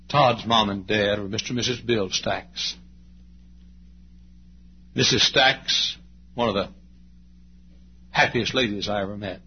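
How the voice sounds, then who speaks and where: A preacher in his late fifties with a husky voice tells a story from the pulpit, letting his voice rise high and loud before dropping to a hush. The recording is dull and lo-fi, like an old church tape. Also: steady tone, measured pace, pauses often. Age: late 50s. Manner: dramatic storyteller, swings from loud to hushed. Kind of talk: storytelling sermon.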